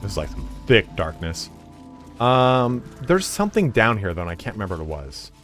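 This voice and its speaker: A man's voice: fairly low pitch, sing-song, normal speed, a bit bright. Rambling, frank man chatting over game music. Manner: rambling, frank and profane, full of fillers. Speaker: game streamer. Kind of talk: casual chat while playing.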